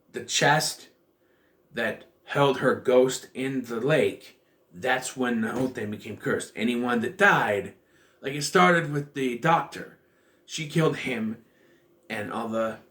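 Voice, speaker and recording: Man, mid-pitched, casual reviewer who rambles and second-guesses himself mid-sentence. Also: fairly bright tone. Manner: rambling, thinking aloud with frequent restarts. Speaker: show reviewer.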